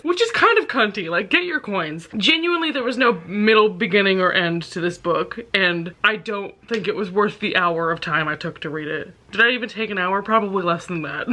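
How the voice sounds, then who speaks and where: A woman's voice: medium pitch, sharp tone. A young woman chatting casually in a book vlog from home, sarcastic and rambling, often breaking into laughter. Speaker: book vlogger. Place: at home, in bed.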